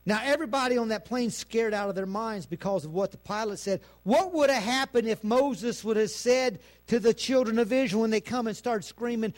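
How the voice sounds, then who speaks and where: High-pitched male preacher, fervent sermon delivery building to shouts. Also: brisk, hardly any pauses. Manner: rising to fervent shouting, punctuated with amen.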